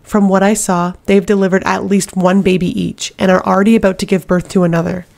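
A woman's voice: medium pitch, little pitch movement, vocal fry, a little mellow, natural voice. A woman voicing a shaken young servant girl. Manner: halting, shaken, breaking into sobs. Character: young frightened servant girl, fiery temper.

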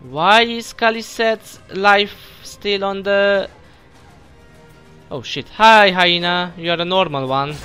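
A man's voice: high-pitched, slow pace, bright, forceful tone, smooth, soft background music. A man doing let's play commentary, taunting enemies and talking to himself as he plays. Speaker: gamer, let's play host. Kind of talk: gameplay commentary.

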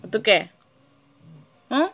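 A woman's voice: fast, fairly bright tone. A young woman at home scolding her dog in a mock-stern, repetitive way, slipping into Korean words now and then. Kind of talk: scolding a pet, half-playful.

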